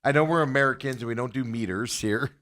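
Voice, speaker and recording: A man's voice: mid-range voice, fast, a bit bright. A man hosting a casual sports talk show, joking and chuckling between his points. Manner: joking, chuckling often, restarts.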